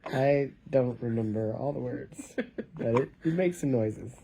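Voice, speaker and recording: A man's voice: medium pitch, lively intonation, measured pace, gravelly, noisy background. A man reading a picture book aloud to his baby in a casual home video, joking about what noises the animals make.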